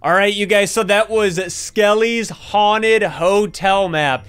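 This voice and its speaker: A man giving casual gameplay commentary as a gaming host, excitable and playful, laughing and trash-talking often. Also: high voice, takes it slowly, clear, resonant tone, soft background music.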